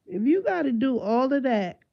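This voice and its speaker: Gravelly-voiced woman teasing on a live stream. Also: sits high, sing-song, moderate pace, lo-fi sound. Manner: loud, teasing and incredulous, heavy slang. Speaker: livestream host. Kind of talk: casual live-stream reaction commentary.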